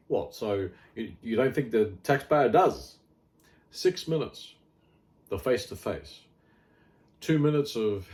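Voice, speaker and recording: A man's voice: mid-range voice, a little mellow. A middle-aged man with an Australian accent, talking in a rambling, blunt and wry casual monologue full of fillers. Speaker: health vlogger.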